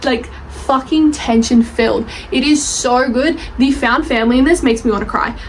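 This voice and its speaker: A young woman gushes about her favorite books in a rambling, casual vlog. Her voice sits slightly high, and she swears and laughs freely. A faint ambient hum sits under her voice. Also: moderate pace, poor audio. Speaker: book reviewer and author. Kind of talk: casual bookish vlog chat.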